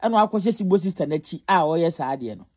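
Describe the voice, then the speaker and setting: A man's voice: on the high side, expressive, fast talker, darkish tone, slightly rough. A Ghanaian man giving casual gossip commentary, mocking and scolding as he mixes Twi and English. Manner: scolding, mocking, often laughing.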